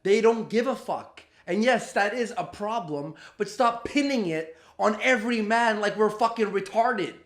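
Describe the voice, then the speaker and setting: High-voiced man ranting in echoey room. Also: normal speed, hardly any pauses, a bit bright. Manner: exasperated, profane, mocking. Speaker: commentary host. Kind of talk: ranting reaction commentary. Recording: roomy echo.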